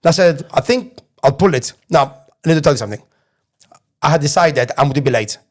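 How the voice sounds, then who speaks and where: A slightly high-voiced man from the north of England tells a story in a loose, animated way. He swears freely and slips into other people's voices as he goes. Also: fast. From Manchester area. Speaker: podcast guest, comedian. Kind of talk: casual storytelling chat.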